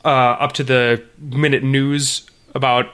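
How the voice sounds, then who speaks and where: A man's voice: mid-range voice, little pitch movement, unhurried, fairly bright tone, clean tone. A man co-hosting a casual podcast, teasing his partner with dry humor. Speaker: podcast co-host.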